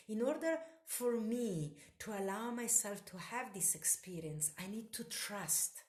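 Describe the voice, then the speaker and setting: A woman hosting a solo podcast, delivering a slow spiritual monologue with incantatory, repetitive phrasing. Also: medium pitch, roomy sound.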